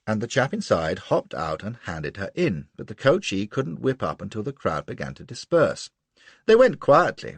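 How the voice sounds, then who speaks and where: A man's voice: fairly low pitch, husky, no room sound. A man narrating a novel in the first person, with a brash, wry manner. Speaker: audiobook narrator.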